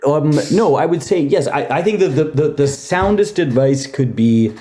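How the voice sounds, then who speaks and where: Lively, joking middle-aged man. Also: on the high side, moderate pace. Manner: joking, wry, animated storyteller. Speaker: podcast guest. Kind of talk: casual chat.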